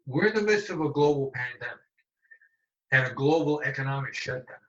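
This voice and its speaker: A man's voice: medium pitch, animated, brisk. A man in his sixties, a guest negotiator, explaining in an emphatic way and repeating phrases for stress, heard over a remote call. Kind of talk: conversational interview. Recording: echoey room, dull lo-fi sound.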